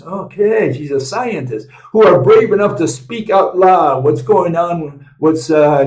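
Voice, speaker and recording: A man hosts a casual commentary stream, his talk full of fillers, restarts and tag questions like "right?". His voice sits a bit high for a man. He is heard from some distance off the mic, in a room with a noticeable echo. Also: darkish tone. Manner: rambling, many fillers and restarts, asks "right?" and "okay?" often. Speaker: host of a physics commentary live stream. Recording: roomy echo, speaking from away from the mic.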